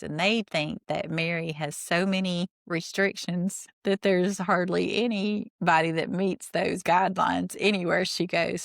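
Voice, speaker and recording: A woman's voice: on the low side, gravelly, no room sound, clean studio sound. A woman hosting a podcast, recapping a reality TV show in a chatty, gossipy way. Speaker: podcast host.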